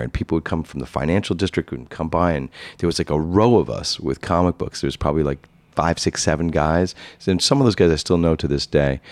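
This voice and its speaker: Deep-voiced man, casual rambling anecdotes, dry close sound. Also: no echo. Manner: rambling, many restarts, animated when recalling. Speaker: comic book dealer. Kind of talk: casual autobiographical storytelling.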